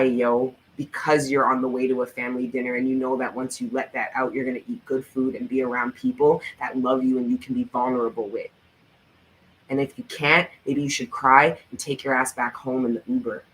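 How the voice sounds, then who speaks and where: Male tarot vlogger, mid-pitched, intense and profane, hammering his encouragement home over faint ambient noise. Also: fairly bright tone, rough recording. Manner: emphatic, profane motivational talk; repetitive, fervent encouragement. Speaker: tarot reader. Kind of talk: tarot reading vlog.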